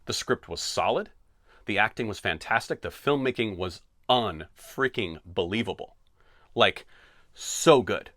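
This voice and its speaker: A man hosting a solo podcast, talking in an animated, sarcastic, tongue-in-cheek way. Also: lowish voice, measured pace, no echo, clean studio sound. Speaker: podcast host. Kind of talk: opinionated solo podcast rant.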